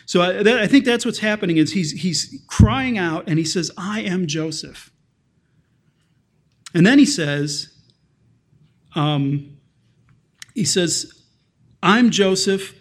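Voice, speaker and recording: A middle-aged pastor preaches a sermon, talking it through like a conversation. His voice sits high for a man. Now and then he drops quieter to act out a quoted line. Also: unhurried, long pauses. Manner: conversational, explanatory, acts out quoted lines softly.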